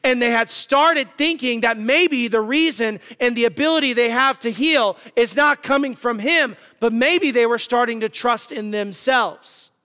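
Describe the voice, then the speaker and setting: A man's voice: extremely high pitch, measured pace, few pauses, sharp tone, long reverb tail. A male pastor preaching a sermon to his congregation, emphatic and full of rhetorical questions.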